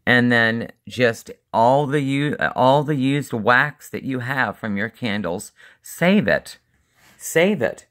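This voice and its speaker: A man rambling casually through a show-and-tell video, with a slight lisp and slightly slurred speech, often halting and restarting. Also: medium pitch, fairly bright tone. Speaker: vlogger.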